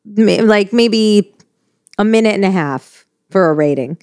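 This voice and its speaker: A woman's voice: medium pitch, lively intonation, measured pace, darkish tone, no room sound, studio quality. A young woman co-hosting a podcast, telling stories in a chatty, swearing, filler-heavy way. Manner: chatty storyteller, swears freely, lots of "like". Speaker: podcast co-host. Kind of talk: casual chat.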